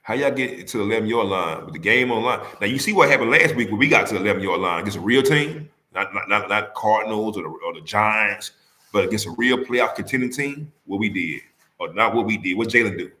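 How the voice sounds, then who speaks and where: A man runs a casual sports talk stream and argues with rival fans. His low voice has a forceful edge, and he repeats himself and keeps firing rhetorical questions. The room around him is echoey. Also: lively intonation, fairly quick. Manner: heated, repetitive, rhetorical questions to the audience. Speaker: sports talk livestream host.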